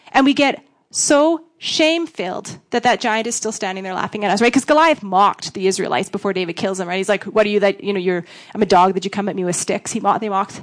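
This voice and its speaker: A woman giving a casual, conversational sermon, acting out voices with sudden big jumps in pitch. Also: fast, few pauses. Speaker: preacher.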